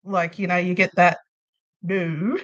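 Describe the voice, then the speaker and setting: A woman's voice: medium pitch, steady tone, measured pace, muffled recording. An Australian woman hosting a crochet livestream from a room at home, chatting casually and rambling, with frequent laughs. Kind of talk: casual chat while crocheting.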